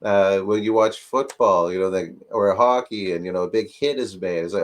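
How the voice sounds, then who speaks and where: In a casual discussion, this man's fairly low voice keeps a moderate pace as he presses his arguments through rhetorical questions and plenty of fillers.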